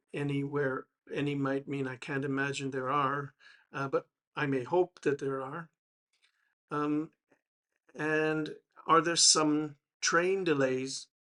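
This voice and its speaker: Slow, halting male English teacher. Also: mid-range voice, a bit bright. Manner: slow and hesitant, many fillers and restarts. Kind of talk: explaining grammar to learners.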